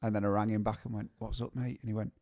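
Speaking quickly in a lowish, dark voice that barely shifts in pitch, a live music show co-host laughs his way through a casual, rambling tale. He tends to repeat words whenever he restarts.

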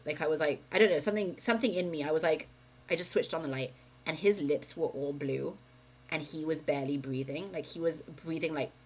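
A woman's voice: low voice, a bit bright, low-quality recording. Chatty woman telling a personal story. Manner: candid, chatty storytelling with frequent "like" and "um". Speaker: podcast co-host. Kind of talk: casual chat.

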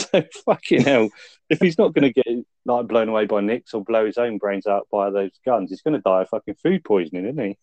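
A man's voice: mid-range voice, expressive, brisk, mellow, no echo, lo-fi sound. A man co-hosting a film review podcast, retelling the plot in a laid-back, sweary way. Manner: laid-back storytelling with frequent swearing and laughs. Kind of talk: casual chat.

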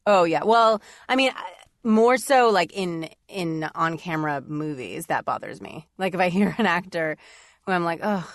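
A woman's voice: lowish voice, expressive, moderate pace, no echo, clean studio sound. A woman voice actor chatting casually on a podcast, filling her talk with "like"s and frequent laughs. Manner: chatty, many "like"s, laughs often. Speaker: voice actor and demo writer, guest.

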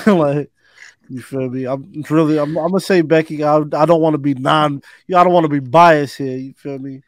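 A man's voice: a little high, moderate pace, dry recording, studio quality. Blunt, profane man in casual chat. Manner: blunt and profane, laughs at his own jokes. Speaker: podcast co-host.

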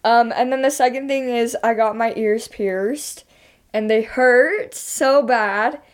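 Young woman chatting on a podcast, upbeat, kinda high voice, says like constantly. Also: slow. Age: young adult. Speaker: podcast co-host. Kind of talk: casual podcast chat.

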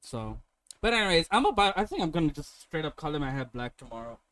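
A young man with a fairly high voice hosts a podcast in loose, casual chat. He jokes and swears freely and keeps breaking into laughter. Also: sing-song, fast talker, fairly bright tone. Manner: joking, swearing, laughs often. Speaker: podcast host.

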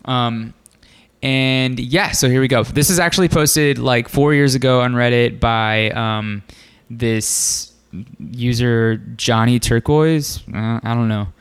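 A man with a smooth, resonant voice at an ordinary pitch, chatting casually on a podcast. He reads a story aloud at a relaxed pace, breaking off into filler-heavy asides. The tone stays easygoing and conversational. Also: slow. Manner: laid-back, filler-heavy, laughing asides. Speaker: podcast co-host.

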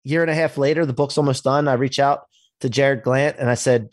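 Husky man telling a story. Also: mid-range voice, quick pace, dry recording, studio quality. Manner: animated, acts out quoted dialogue, swears casually. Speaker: podcast guest, entrepreneur. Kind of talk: casual storytelling interview.

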